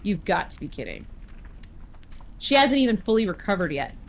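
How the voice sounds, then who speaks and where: A woman's voice: mid-range voice, very animated, normal speed, slight background noise. A woman voicing a cocky, easygoing young male thief as she reads game dialogue aloud in a teasing, laid-back way.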